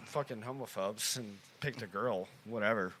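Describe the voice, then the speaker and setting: A man's voice: fairly low pitch, normal speed, fairly bright tone. A man co-hosting a podcast in casual chat, talking in a crude, joking and provocative way. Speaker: podcast co-host.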